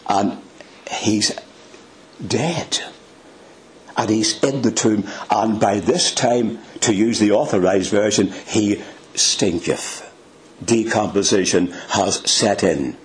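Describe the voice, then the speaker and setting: Slow, low-voiced male preacher. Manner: dramatic, slow and emphatic with sudden rises in pitch. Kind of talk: sermon.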